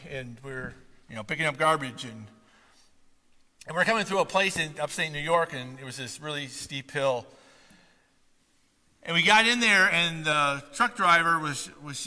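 Bright-voiced man preaching in an echoing hall. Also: on the high side. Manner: conversational, checks in with "right?" often. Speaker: pastor. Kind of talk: sermon.

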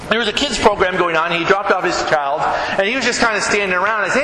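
A man's voice: sits high, quick pace, sharp tone. Man, pastor, sermon, storytelling, plays both voices in dialogue, long reverb, audible room noise. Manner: conversational storytelling, acting out both sides of a dialogue. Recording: echoey hall with background noise.

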